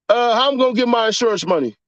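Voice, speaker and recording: A man's voice: very high voice, fairly bright tone, no echo, muffled recording. A man in a casual, profane commentary rant, mocking his audience with rhetorical questions. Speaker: commentary vlogger.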